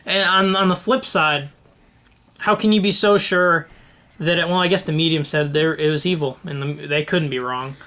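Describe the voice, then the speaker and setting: Bright-voiced young man in casual banter. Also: a little high. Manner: halting, many restarts and fillers. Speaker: podcast co-host. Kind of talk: casual comedic chat.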